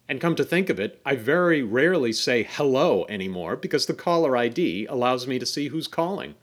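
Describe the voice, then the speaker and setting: Man, podcast host, reading his script with a wry, explanatory manner and a lively voice. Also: mid-range voice.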